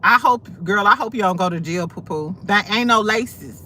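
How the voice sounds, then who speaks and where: A woman's voice: mid-range voice, normal speed, bright, forceful tone, a little hiss or hum. A woman host on a casual livestream, telling blunt, profane gossip stories full of asides. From St. Louis. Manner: sassy, blunt, profane storytelling with many asides.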